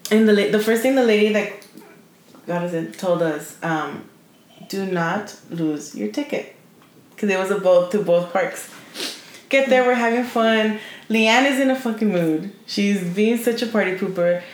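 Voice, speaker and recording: A young woman tells a story to friends in casual podcast chat, blunt and quick to swear, dropping in Spanish words here and there. Her voice sits in an ordinary middle register. The room around her rings with a noticeable echo. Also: mid-range voice. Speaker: podcast co-host. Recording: roomy echo.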